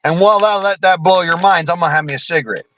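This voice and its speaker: A man's voice: high voice, quick pace, fairly bright tone, lo-fi sound, slight background noise. An American man delivering a profane, blunt political rant as a vlogger, cursing constantly and talking combatively.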